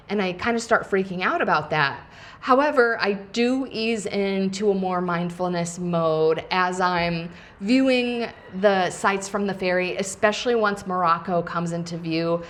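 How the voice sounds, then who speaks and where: A woman podcast host telling a travel story in a casual, chatty way, full of fillers and quoted lines. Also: medium pitch.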